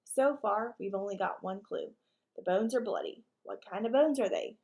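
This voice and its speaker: A woman's voice: moderate pace, vocal fry, darkish tone, natural voice. A woman voicing a self-important, blustering male ranch dog who talks in a bossy, pompous way. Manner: bossy and pompous, lower than her reading voice.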